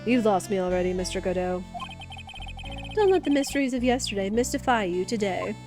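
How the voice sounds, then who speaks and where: A woman voicing a cool, cocky male prosecutor in a smooth lowered voice. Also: expressive, brisk, music in the background, close to an everyday voice.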